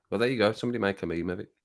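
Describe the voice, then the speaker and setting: A man's voice: on the low side, gravelly, a bit bright. A man hosting a casual livestream, reading out viewer comments in a rambling, jokey way and getting worked up now and then. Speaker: livestream host.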